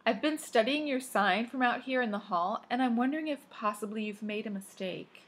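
A woman reading aloud and voicing a prim, pedantic, know-it-all teenage girl in a slightly husky voice. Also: a little high, moderate pace, fairly bright tone, voice pushed up. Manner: precise, pedantic phrasing.

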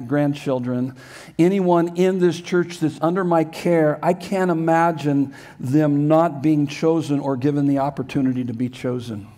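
A man's voice: on the high side, warm tone. An older man preaching a sermon as a pastor in a church sanctuary, earnest and emphatic, with many rhetorical questions.

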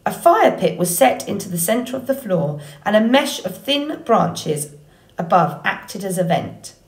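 A woman teacher reads a children's novel aloud to her class. Her storytelling is clear and expressive, in an ordinary middle pitch. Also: unhurried, roomy sound.

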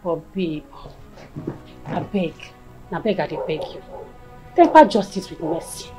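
A Nigerian actress playing a loyal friend who pleads and soothes, mixing in Pidgin. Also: female voice, fairly low pitch, very animated, unhurried, dark tone, soft background music, low-quality recording. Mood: pleading. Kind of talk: film acting.

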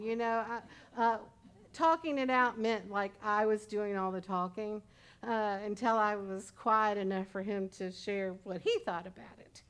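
A woman in her sixties preaches at a church service with a voice a little higher than most. She talks in a conversational, storytelling way and slips in humorous asides. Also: fairly even intonation, normal speed, a bit bright, clean tone. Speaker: pastor. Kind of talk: sermon.

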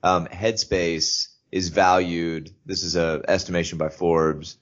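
A man co-hosting a casual podcast, talking in a halting way with many fillers and restarts. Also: sits low, little pitch movement. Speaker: podcast co-host. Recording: dull lo-fi podcast audio.

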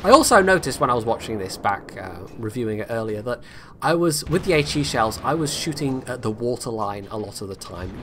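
A man's voice: mid-range voice, animated, fairly quick, background noise. Rambling man commentating a game replay. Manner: rambling, self-critical, frequent restarts. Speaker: gameplay commentator.

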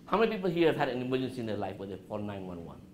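Racing through an interactive talk to a college class, a man uses a lively, swinging voice, firing questions at the students and sinking low and soft to show calm. The recording sounds roomy, with faint background noise.

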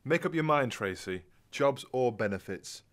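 A man's voice: mid-range voice, lively intonation, moderate pace, a bit bright, close to an everyday voice. A man playing a weary, sarcastic doctor, dry and exasperated.

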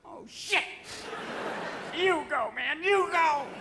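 Comic voicing frantic sniffer dogs, high and yelping, with a live audience laughing. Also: male voice, expressive, slow pace, crowd noise, background noise, exaggerated voice. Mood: giddy.

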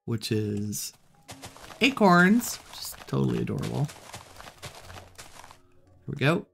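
Woman, let's-play host, relaxed gameplay commentary, slow, gravelly, chatty. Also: a bass voice, soft background music. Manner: chatty, muses aloud, coaxes animals.

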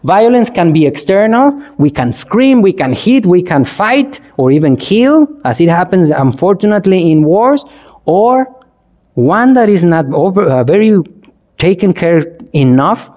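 Animated monk giving a dharma talk. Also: male voice, high voice, unhurried. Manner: animated, asks the audience questions, acts out examples. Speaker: Buddhist monk teacher.

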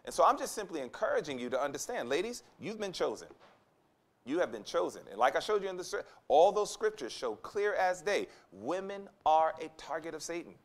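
A man's voice: a little high, very animated, a little fast. A man preaching a sermon at a conference, emphatic and repetitive, acting out the voices of the people he quotes. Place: conference hall.

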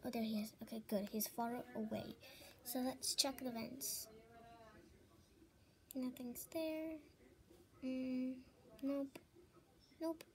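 High-voiced young woman whispering gameplay commentary. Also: fairly even intonation, slow, long pauses. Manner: swings between whispering and loud frightened outbursts. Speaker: gamer. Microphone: tablet microphone held close.

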